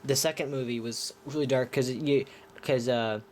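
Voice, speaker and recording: A man's voice: mid-range voice, fairly even intonation, moderate pace, darkish tone, a little hiss or hum. A man giving a casual movie review, rambling with many restarts and talking enthusiastically. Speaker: film reviewer.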